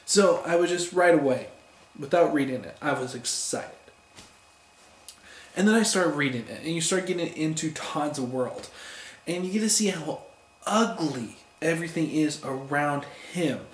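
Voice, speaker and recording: A man's voice: fairly high pitch, normal speed, slight background noise. A man reviewing comic books for his video channel in a casual, enthusiastic and rambling way, stumbling over names now and then. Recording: echoey room.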